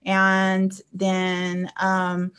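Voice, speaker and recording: A woman's voice: medium pitch, monotone, drawn-out words, a bit bright, clear, resonant tone. A woman life coach talking casually to her viewers on a live stream, telling personal stories and checking in with them. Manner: chatty, anecdotal, checks in with listeners.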